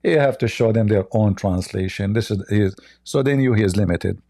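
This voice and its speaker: A man's voice: on the low side, normal speed, dark tone. A man hosting a live debate stream, talking casually in a sarcastic, taunting way with lots of hesitant fillers.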